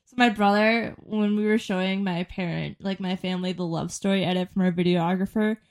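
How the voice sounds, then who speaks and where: A woman's voice: medium pitch, fairly even intonation, fairly quick. A young woman co-hosting a podcast in casual chat, telling stories and often laughing mid-sentence. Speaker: podcast co-host.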